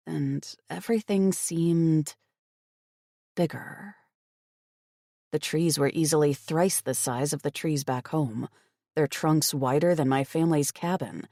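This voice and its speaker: A woman giving expressive, wry first-person audiobook narration on a close studio mic. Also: sits low, no echo.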